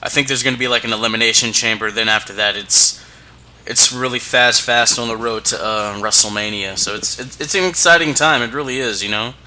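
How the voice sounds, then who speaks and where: Bright-voiced stammering podcast co-host man. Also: mid-range voice, fairly quick, slight background noise. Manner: stammering, repeats words, playfully hyped. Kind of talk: casual wrestling podcast chat.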